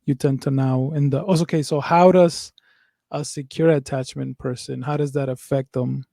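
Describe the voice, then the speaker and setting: A man's voice: mid-range voice, fairly even intonation, normal speed, creaky, dark tone, no room sound. A man co-hosting a podcast who asks rambling questions full of restarts in a casual chat. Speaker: podcast co-host. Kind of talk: casual conversation.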